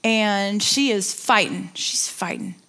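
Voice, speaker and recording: A woman in her forties, a Bible study teacher, telling a personal story in an animated, emotional way with asides. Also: medium pitch, slow pace.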